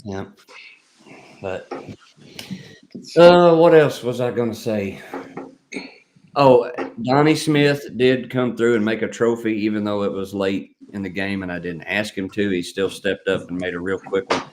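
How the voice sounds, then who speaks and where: A man hosting a casual live stream, joking around, rambling and reading viewer comments out loud. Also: lowish voice, measured pace, long pauses, slight background noise.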